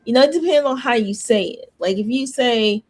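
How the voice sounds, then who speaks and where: A woman co-hosting a casual podcast chat, animated and quick to cut in with "listen". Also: on the high side. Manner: animated, talks over others, repeats "listen" and "beautiful". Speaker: podcast co-host.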